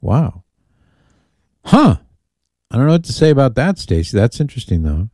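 A man's voice: mid-range voice, sing-song, moderate pace, warm tone, no echo, studio quality. A man hosting a call-in radio show, chatting and reading listener emails aloud with amused asides. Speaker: radio host.

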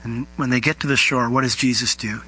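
Bright-voiced man preaching a sermon. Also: brisk, slightly rough, rough recording. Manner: animated storytelling, acting out quoted voices with big pitch jumps. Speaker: pastor.

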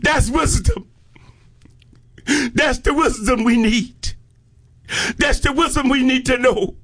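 A man. He talks slowly and deliberately, drawing out his phrases, then climbs into shouted peaks. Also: very high-pitched. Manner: fervent, rhythmic preaching with shouted peaks and drawn-out phrases. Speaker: preacher. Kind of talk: sermon.

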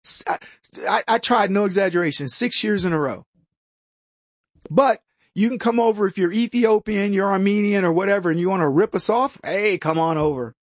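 Speaking a little fast in a high-pitched voice, this political talk show host rolls through a sarcastic, mocking commentary monologue. He stumbles and restarts, laughing at his own jokes, and the recording is dry and studio quality.

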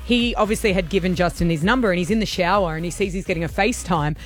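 A woman's voice: lowish voice, quick pace. Woman, radio celebrity-news presenter, chatty storyteller, faint music behind. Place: radio studio.

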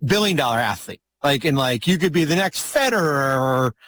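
A man's voice: mid-range voice, brisk. Rambling man telling a story. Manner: rambling, animated, many restarts and fillers. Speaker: guest storyteller, former basketball executive. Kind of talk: casual podcast storytelling.

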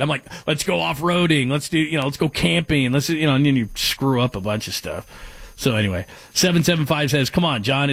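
A man's voice: fairly high pitch, fairly bright tone, breathy edge, no room sound. A man hosting a sports talk radio show, chatting casually, rambling and breaking off mid-sentence as he reads out listener texts. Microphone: studio microphone.

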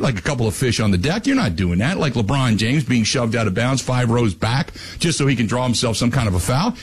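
Male sports radio host, slightly raspy, lively emphatic delivery. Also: on the high side, poor audio. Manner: animated, ranting, emphatic repetition. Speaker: radio talk show host. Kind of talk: sports talk radio rant.

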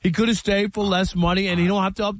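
A man's voice: sits high, flat delivery, fast, no echo. An older man co-hosting a sports talk radio show, arguing with incredulous questions and pushing back on his partner. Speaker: radio co-host.

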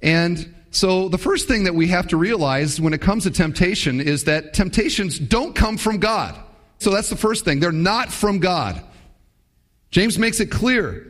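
A man's voice: high-pitched, expressive, a little slow, fairly bright tone, big-room sound. A man preaching a sermon as a pastor, talking animatedly and acting out the quoted voices.

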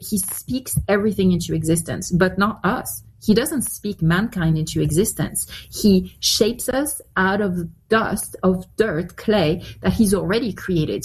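A woman's voice: mid-range voice, husky. A woman Bible teacher speaking earnestly as a guest in a radio interview.

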